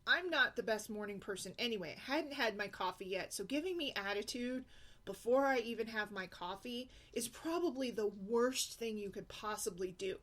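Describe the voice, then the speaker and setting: A woman's voice: a little high, lively intonation, moderate pace, a bit bright. A woman talking in a casual vlog, venting bluntly and emphatically about her daughter's attitude. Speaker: single mom blogger.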